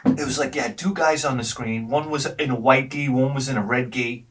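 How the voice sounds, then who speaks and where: A man's voice: mid-range voice, brisk, far from the mic, slight background noise. A man in his forties, a retro gaming host, telling rambling childhood stories with lots of swearing and laughter. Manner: animated, swears freely, laughs at own stories. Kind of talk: rambling anecdotal storytelling.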